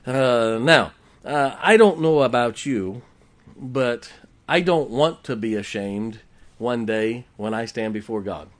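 Folksy preacher joking through a sermon. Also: male voice, mid-range voice, takes it slowly. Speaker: pastor. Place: church sanctuary.

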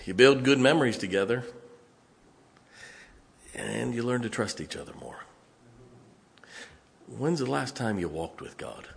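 A man's voice: medium pitch, expressive, a little slow, creaky, pauses often. A middle-aged man from West Virginia with a West Virginian accent, preaching a sermon in a folksy, conversational way, with asides and chuckles. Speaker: pastor.

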